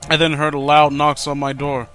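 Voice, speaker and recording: A man's voice: on the high side, completely flat delivery, moderate pace, fairly bright tone. A man with a slightly raised voice reads a fan story aloud in a mocking, dramatic way, tripping over words and breaking off for sarcastic asides. Faint music plays underneath. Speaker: host reading fan fiction.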